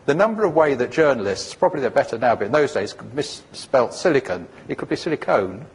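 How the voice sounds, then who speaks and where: A man speaks to an audience in a husky voice at an ordinary middle pitch. He tells rambling stories about his startup days, stops often for fillers, and restarts his sentences. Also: sing-song, fast. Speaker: startup founder giving a talk. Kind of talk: conference talk to an audience.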